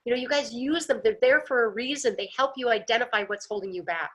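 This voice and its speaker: A woman's voice: a little high, fast talker. A woman teaching a personal growth class in a casual, earnest way, acting out quotes and laughing often. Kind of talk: casual talk to a group. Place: home, pool outside her patio.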